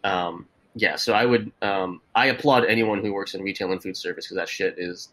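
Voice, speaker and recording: A young man co-hosting a podcast, chatting casually and telling animated, profane stories, acting out other people's voices. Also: low-pitched, normal speed. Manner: swearing, animated storytelling with put-on voices. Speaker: podcast co-host. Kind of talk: casual chat.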